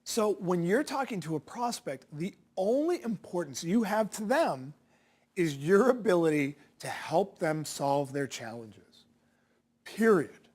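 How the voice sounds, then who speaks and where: A man's voice: high-pitched, sing-song, measured pace, darkish tone. A man coaching salespeople in a direct-to-camera lesson, punchy and challenging, asking rhetorical questions.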